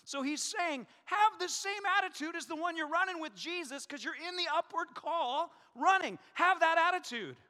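High-voiced, animated male pastor in a reverberant hall. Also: normal speed, few pauses. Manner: animated, joking, acts out prayers and quotes. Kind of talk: sermon.

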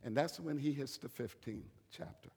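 Husky preacher swinging from whispers to shouts. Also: male voice, mid-range voice, moderate pace, in a large hall. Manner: storytelling, swings from hushed whispers to loud emphatic preaching. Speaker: bishop preaching. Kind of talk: sermon.

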